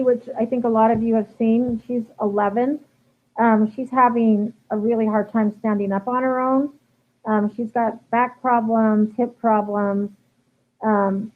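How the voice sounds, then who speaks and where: A woman dog trainer answering viewer questions in a live stream, explaining casually with many ums and restarts. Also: fairly high pitch. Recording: tinny phone-like livestream audio.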